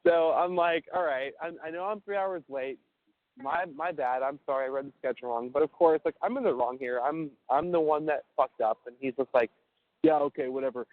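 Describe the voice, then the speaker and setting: A man's voice: fairly high pitch, brisk, no echo. A young man telling a long, rambling story on a casual phone call, full of fillers and swearing. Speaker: caller on a prison phone call. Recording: tinny phone line.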